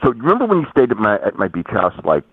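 Low husky man on a phone line. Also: wildly swooping pitch, dry recording, soft background music. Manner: rambling, halting restarts. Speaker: podcast guest. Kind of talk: casual storytelling.

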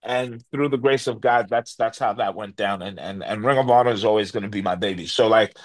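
A man's voice: on the low side, fairly quick, no room sound. Rambling New storyteller man. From New York. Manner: rambling, lots of restarts and fillers, acts out quoted voices. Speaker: guest. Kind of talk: animated storytelling.

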